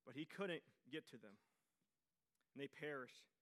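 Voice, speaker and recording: A male pastor preaching a sermon, telling stories and acting out quoted voices, swinging from loud bursts to hushed near-whispers. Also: medium pitch, lively intonation, measured pace.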